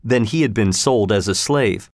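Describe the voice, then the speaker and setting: A man narrating a storybook aloud in a measured, expressive way. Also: lowish voice, no echo, studio quality.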